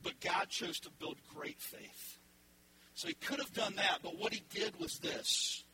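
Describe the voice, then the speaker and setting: A male pastor preaching an animated sermon, acting out the people in the story. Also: high-pitched, measured pace, noisy background. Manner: animated, acts out voices in the story.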